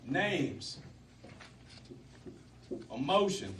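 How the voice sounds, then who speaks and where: A man giving a fervent, emphatic motivational sales training talk to a room of salespeople, swinging between loud and soft. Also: a little high, very animated, drawn-out words, slight background noise. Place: room with a live audience.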